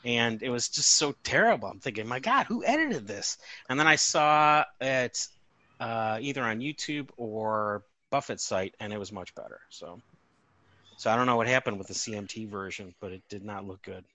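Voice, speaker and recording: A man's voice: lowish voice, moderate pace, pushed and bright, no echo, low-quality recording. A man hosting a podcast, chatting casually over a video call and often correcting himself as he talks. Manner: rambling, self-correcting. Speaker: podcast host. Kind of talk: casual chat.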